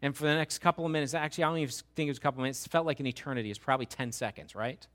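A middle-aged man preaching a sermon as pastor, dropping to a hushed, slow voice and then building to loud, emphatic questions. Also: mid-range voice.

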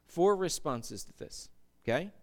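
A male pastor preaching a sermon in a church, animated and acting out panicked voices. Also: a little high, measured pace.

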